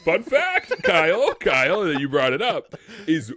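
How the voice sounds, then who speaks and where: A man with a Boston accent, co-hosting a podcast in casual, animated chat and laughing often. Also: on the high side, unhurried. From Massachusetts. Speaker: podcast co-host.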